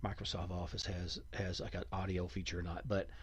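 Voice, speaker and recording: A man with a Kentucky accent, hosting a podcast in rambling, animated casual chat. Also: sits low, fairly quick, slightly rough. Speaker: podcast host.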